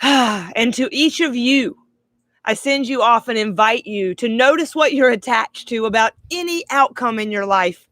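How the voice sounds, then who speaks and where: Middle-aged woman coach talking from the heart, slow and emphatic at times, dry close mic. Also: on the high side, a bit bright, dry recording. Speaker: life coach, podcast host. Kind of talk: reflective monologue.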